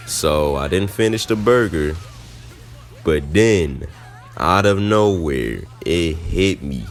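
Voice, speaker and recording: Male vlogger, very low voice, animated slangy storyteller. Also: slow pace, faint music behind. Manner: animated, slangy, jumps into high squeaky reenactments. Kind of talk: casual storytelling.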